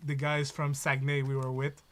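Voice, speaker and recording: A man's voice: medium pitch, monotone, a little fast, a bit bright. A man co-hosting a card game stream, telling jokey stories in a rambling way full of fillers. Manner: rambling, many fillers and restarts, joking. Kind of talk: casual chat while playing a card game.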